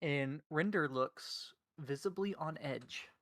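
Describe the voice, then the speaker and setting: A man narrating as game master of a tabletop game, slow and halting with many fillers. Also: fairly high pitch, a bit bright, no echo.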